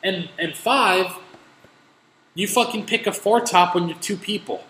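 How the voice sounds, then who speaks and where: A man hosting a casual podcast, telling stories in animated, profane rants with an exasperated edge. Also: sits high, measured pace. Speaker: podcast host. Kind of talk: casual chat, storytelling. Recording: echoey room with faint noise.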